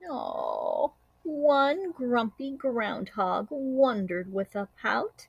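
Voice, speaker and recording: A woman teacher reading a picture book aloud to children. She tells it with animated storytelling and adds short asides and sound effects. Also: medium pitch, takes it slowly, creaky, breathy edge, dry recording.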